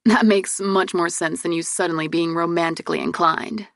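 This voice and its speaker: A woman's voice: lowish voice, fairly even intonation, normal speed, dry recording, natural voice. Female reader as a cheeky young prince who teases his sister; light touch, dry close mic. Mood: teasing. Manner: teasing, amused. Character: teasing young prince, her twin brother.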